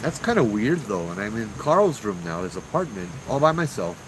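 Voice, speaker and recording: A man's voice: fairly low pitch, fairly quick, background noise. Slangy man telling a ghost story. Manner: animated and slangy, acting out what people said. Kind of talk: casual spoken ghost story.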